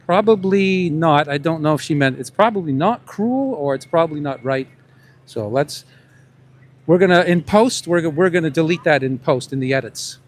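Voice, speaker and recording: A man's voice: a little high, animated, moderate pace. A man doing a confrontational street vlog in a put-on New York accent, firing leading questions at passersby outdoors and muttering asides to a tripod camera. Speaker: street interviewer.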